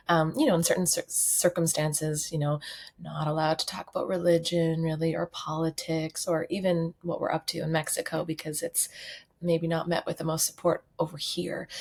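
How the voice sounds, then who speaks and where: A woman's voice: sits low, darkish tone. A young woman from Canada hosting a solo podcast, talking candidly and reflectively with frequent fillers. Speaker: podcast host.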